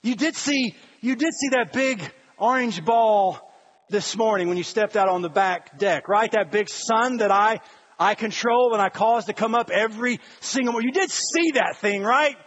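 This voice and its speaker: A man voicing God as a heavenly father who is let down and keeps asking wry, pleading questions in a husky, high voice. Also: a bit bright, dull audio.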